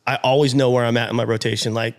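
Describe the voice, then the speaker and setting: A man guest on a podcast, telling a story in an animated way and acting out his own past lines with plenty of swearing. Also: mid-range voice, rapid-fire. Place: podcast studio.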